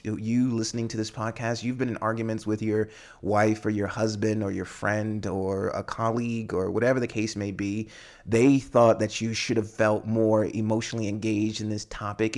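Rambling man teaching on a podcast. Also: medium pitch. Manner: rambling, frequent fillers and tag questions. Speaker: podcast host and English teacher. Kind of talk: casual teaching monologue.

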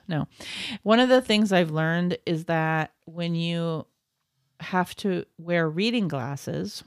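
Brief: middle-aged woman podcast co-host, low voice, casual and laughing, dry close mic. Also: no room sound. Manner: chatty, laughs often, self-correcting. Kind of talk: casual chat.

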